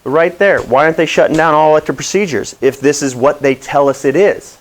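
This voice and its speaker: A man's voice: a little high, a little fast. Impassioned man preaching on a vlog. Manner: impassioned, preachy, rambling asides. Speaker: wellness doctor host. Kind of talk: direct-to-camera health vlog.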